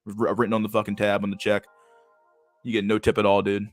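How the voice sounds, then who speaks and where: A man's voice: on the low side, monotone, a little fast, dry recording, soft background music. A young man hosting a casual livestream, talking over videos in a rambling, profane way and repeating his words. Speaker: streamer host.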